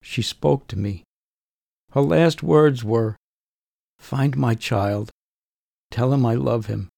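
Tearful elderly aunt, soft and tender, man doing the voice, gravelly. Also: medium pitch, takes it slowly, no echo, studio quality.

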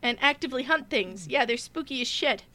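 High, bright-voiced chatty woman. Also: a little fast. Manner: expressive, swears freely, laughs easily. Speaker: podcast co-host, parent. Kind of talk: casual chat.

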